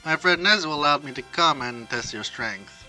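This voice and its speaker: Man voicing a cheeky old kung fu master, high, bright and loud, fan story. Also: lively intonation, moderate pace, soft background music, poor audio. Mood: boastful. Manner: boastful, loud, high exclamations. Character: cheeky old male martial arts master.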